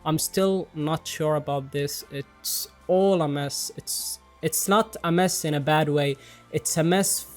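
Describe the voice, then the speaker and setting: A young man reviewing a manga chapter in casual commentary, excitable and jokey, swearing freely and poking fun at himself. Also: fairly high pitch, slow pace. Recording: faint music underneath.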